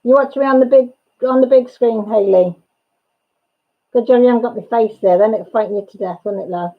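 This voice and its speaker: A woman's voice: a little high, brisk, phone-quality sound. A woman hosting a livestream, chatting casually and gossipily with viewers and laughing often. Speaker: livestream host. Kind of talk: casual chat with live viewers.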